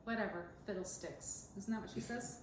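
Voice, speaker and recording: A woman's voice: mid-range voice, moderate pace. Woman co-host, casual and giggly, rambling talk; echoey, noisy recording. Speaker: podcast co-host, dentist. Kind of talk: casual chat while mixing a cocktail. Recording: echoey room with background noise.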